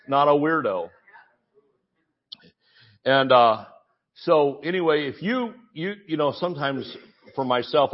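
Man preaching with animated storytelling. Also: mid-range voice, highs cut off. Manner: animated storytelling, mimics voices in quotes. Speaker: pastor. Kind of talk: sermon.

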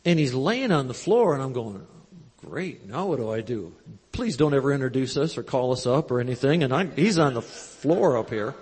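A man preaching at a live convention, telling a story with quoted dialogue in a folksy, animated way, on a handheld mic. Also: mid-range voice, moderate pace, breathy edge. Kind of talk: storytelling sermon. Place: large church convention hall. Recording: live hall recording with long reverb.

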